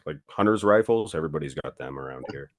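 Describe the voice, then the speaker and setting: A man in a casual podcast chat who repeats phrases and lets his sentences trail off quietly. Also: a bass voice, lively intonation, quick pace, no echo, clean studio sound.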